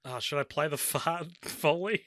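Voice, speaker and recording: A man hosting a casual podcast, relaxed and easygoing, chuckling often. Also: fairly high pitch, moderate pace, dry recording, clean studio sound. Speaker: podcast host.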